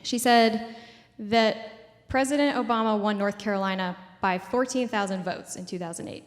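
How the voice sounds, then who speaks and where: A woman's voice: mid-range voice, in a large hall. A woman in her twenties giving a casual public talk at a community event, full of "like" and "um" fillers. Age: 20s.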